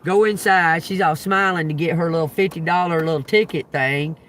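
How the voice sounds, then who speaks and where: A man, telling a profane, animated story on a casual livestream, with loud outbursts. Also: on the high side, moderate pace. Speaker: tarot reader livestreamer.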